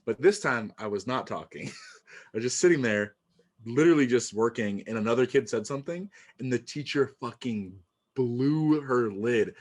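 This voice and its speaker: A man's voice: medium pitch, normal speed. A young man co-hosting a casual podcast, rambling through a childhood school story and making fun of himself. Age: young adult. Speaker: podcast co-host. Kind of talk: casual chat.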